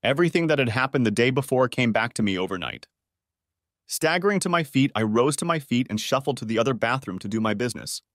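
A man reading a first-person story aloud in a steady, even manner. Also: medium pitch, fast talker, dry recording, clean studio sound. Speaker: audiobook narrator.

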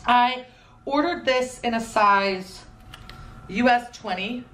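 A woman's voice: a little high, a bit bright, far from the mic. Chatty woman in her thirties, echoey room. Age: 30s. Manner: chatty and playful, quick asides. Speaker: fashion vlogger. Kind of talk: casual haul commentary.

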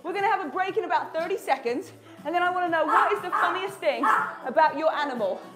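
A woman's voice: very high-pitched, expressive, fast talker, loud music behind the voice. A woman leading a live home workout, cueing the moves with upbeat encouragement and chatting to her dog between counts. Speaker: fitness instructor.

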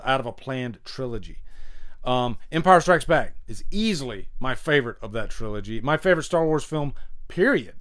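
A man's voice: a little high, a bit bright. A man hosting a live stream, chatting casually and enthusiastically with many fillers and restarts. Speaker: host of a live stream show. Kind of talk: casual live stream chat, reading chat comments.

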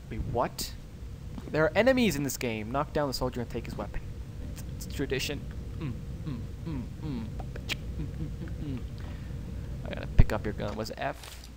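A man hosting let's play commentary, excitable, cursing freely and yelping when startled. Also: mid-range voice, noisy background. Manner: excitable, swears a lot, yelps when startled. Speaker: gaming channel host.

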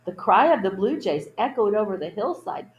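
A woman's voice: mid-range voice, sing-song, moderate pace, roomy sound, muffled recording. Woman reading a picture book aloud. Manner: gentle asides to young listeners. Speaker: storytime reader.

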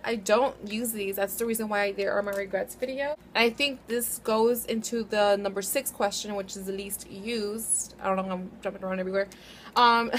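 Chatty young woman with a high voice. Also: a little hiss or hum. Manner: chatty, rambling, self-correcting. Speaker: beauty vlogger. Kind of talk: casual chat.

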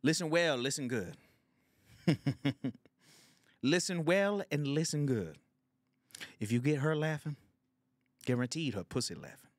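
A man voicing a sly, boastful 75-year-old neighborhood man who gives slow, drawling, preachy advice. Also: on the high side, expressive, no room sound, studio quality, pitched above the performer's own voice.

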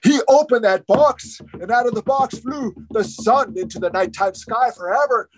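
A man's voice: extremely high pitch, normal speed, hardly any pauses, breathy edge, no room sound, rough recording. A man telling a traditional story with rhythmic, repeating phrases. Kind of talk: oral storytelling.

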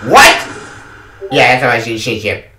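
A man's voice: medium pitch, fairly even intonation, fast talker, sharp tone, far from the mic, slight background noise. A man ranting about a game he reviews, exasperated and swearing, often repeating himself. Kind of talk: angry review rant. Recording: echoey room, away from the mic.

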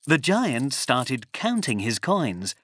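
A man narrating a children's storybook in an expressive, sing-song reading voice. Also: medium pitch, takes it slowly, husky.

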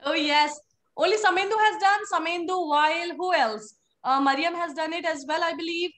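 A woman's voice: very high-pitched, moderate pace, a bit bright. A woman teaching a live online phonics class to young children, encouraging and playful in a sing-song way.

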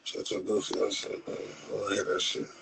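A man hosts a live stream in a deep, very raspy voice. He talks forcefully, with sharp edges, roasting his viewers with profanity and frequent laughs. The talk is casual and loose. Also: rough recording. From Compton, Los Angeles.

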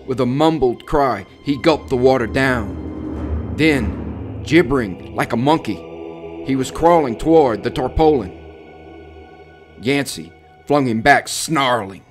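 A man reads a horror story at a slow, deliberate pace, building suspense line by line. His voice sits in a middle register. Faint music plays beneath the narration. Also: medium pitch, lively intonation. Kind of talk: dramatic reading of a horror story.

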